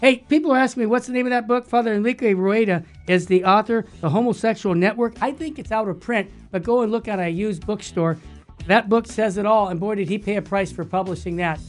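A man's voice: high voice, a little fast, faint music behind. A man hosting a Catholic radio talk show while fighting a cold, upbeat and preachy as he speaks straight to listeners. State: has a cold.

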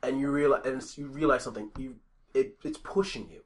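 A man narrating as game master of a tabletop role-playing game, laughing often. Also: medium pitch. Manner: laughs often, quick asides, puts on short voices for orcs.

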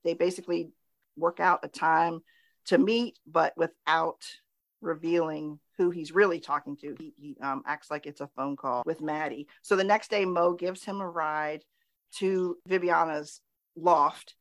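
Woman podcast host, low voice, dry close sound, chatty plot recap. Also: fairly even intonation, a little slow, dry recording. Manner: recaps plot at length, laughs easily.

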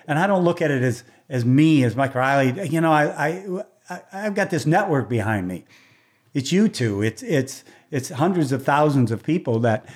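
A man's voice: on the high side, darkish tone. A man, a race announcer, talking as a guest in an earnest, heartfelt way, often repeating words as he starts his sentences. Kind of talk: earnest conversational storytelling.

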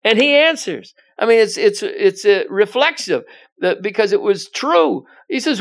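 High-voiced man teaching the Bible. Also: lively intonation, a little slow. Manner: rambling, frequent "you know" and restarts; reads scripture aloud with emphasis. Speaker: pastor.

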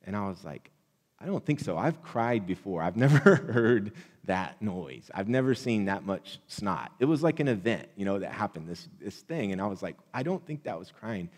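A man preaching a sermon, building to loud, impassioned repeated blessings. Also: on the low side, very animated, a little fast, in a large hall. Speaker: pastor.

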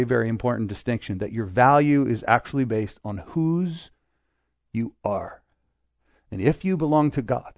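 A man's voice: medium pitch, moderate pace, no echo, lo-fi sound. A man preaching a sermon in a conversational way, acting out the voices he quotes. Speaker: pastor.

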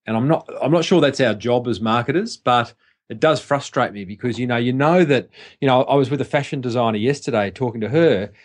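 A man co-hosting a marketing podcast, talking through his observations about clients in a thoughtful, casual way. He restarts sentences and leans on fillers as he works out what he means. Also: medium pitch. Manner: reflective, hesitant restarts, frequent fillers. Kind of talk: casual business chat.

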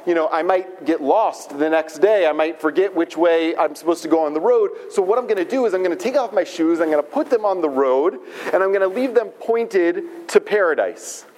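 A man's voice: high voice, fairly quick, a little mellow, natural voice. A man voicing a discontented grown man who gushes over everything he sees. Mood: matter-of-fact.

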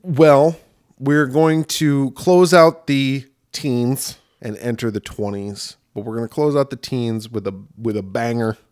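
A man's voice: medium pitch, a little slow, darkish tone, clean tone. A man hosting a casual horror podcast, joking and laughing often and slipping into goofy impressions. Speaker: podcast host. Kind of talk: casual comedic chat.

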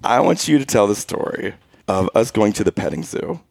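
Man, thirties, podcast co-host, gravelly voice, lively pitch, dry close sound, self-deprecating storyteller. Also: moderate pace, no room sound. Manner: self-deprecating, laughs often while telling stories. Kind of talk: casual chat, storytelling.

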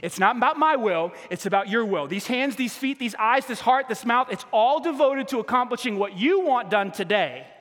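Brief: male pastor, high voice, animated preacher who leads call-and-response, long reverb. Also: moderate pace, few pauses. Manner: animated, calls for congregation to repeat lines. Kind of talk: sermon.

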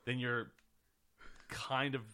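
A man's voice: mid-range voice, little pitch movement, slow, sharp tone, clean tone. A man hosting a podcast, chatting casually during a mic check and often repeating words as he searches for them. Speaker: podcast host. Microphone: podcast microphone.

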